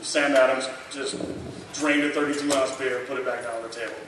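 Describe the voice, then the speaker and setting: A man in his thirties telling a lively anecdote at a convention panel, acting out the dialogue and laughing often. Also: medium pitch, brisk. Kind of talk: storytelling at a memorial panel. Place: large convention hall. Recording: echoey hall miked from far, noisy.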